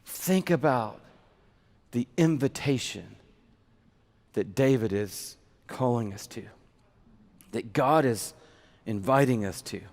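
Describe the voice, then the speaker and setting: A middle-aged man preaching a sermon in a large hall, animated and acting out little scenes to make his point. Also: medium pitch, slow pace, pauses often. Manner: animated, acts out little skits with props. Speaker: pastor. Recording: reverberant hall.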